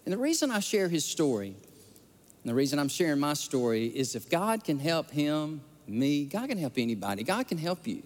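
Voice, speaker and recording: A man's voice: a little high, very animated, moderate pace. A man preaching a sermon, earnestly and emotionally telling stories and repeating his words as he goes. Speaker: pastor. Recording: long hall reverb.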